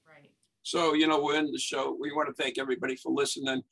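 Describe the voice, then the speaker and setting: Male host, gravelly, husky, halting casual sign-off, recorded from a distance. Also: medium pitch, level tone, fairly bright tone. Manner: halting, informal. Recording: distant from the mic.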